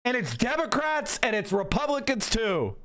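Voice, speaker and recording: A man streaming live, reacting to a clip with angry, profane rants and bursts of yelling. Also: extremely high pitch, lively intonation, moderate pace. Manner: yells in bursts.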